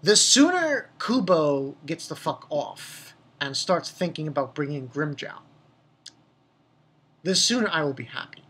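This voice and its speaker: A woman giving a profane, ranting, animated manga review in a casual video. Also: deep voice, measured pace, slightly rough.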